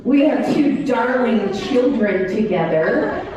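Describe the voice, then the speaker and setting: A woman's voice: a little high, animated, takes it slowly, muffled recording. A woman performing a stand-up comedy set, telling wry stories and acting out short quotes, heard from far off in an echoey live room.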